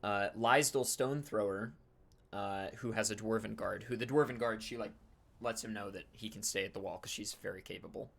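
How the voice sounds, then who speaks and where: Male dungeon master, casual, halting, filler-heavy narration. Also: fairly low pitch, steady tone, vocal fry, fairly bright tone, husky. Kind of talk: narrating a tabletop game.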